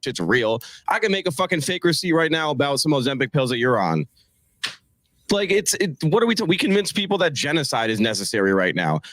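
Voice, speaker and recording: A man's voice: fairly high pitch, brisk, no room sound. A man in a heated talk debate, incredulous and swearing as he argues. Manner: incredulous, profane, animated.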